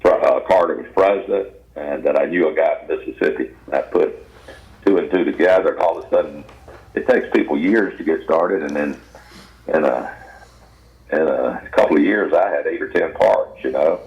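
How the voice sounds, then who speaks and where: A man's voice: extremely low pitch, moderate pace, a little mellow. An older man with a Southern US accent, a guest actor telling folksy, rambling stories in an interview. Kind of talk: storytelling interview. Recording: dull lo-fi radio audio.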